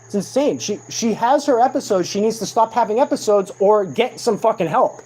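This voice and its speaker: A man's voice: high voice, expressive, fairly quick, warm tone, husky. Profane, agitated man ranting at night. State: sleep-deprived. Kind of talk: angry late-night rant to camera. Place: room in a shared home at night.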